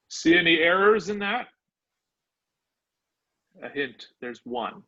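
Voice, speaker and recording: A man's voice: on the high side, animated, slow, long pauses, sharp tone. A male instructor teaching a live online class, sounding out words syllable by syllable. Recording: dull lo-fi online call audio.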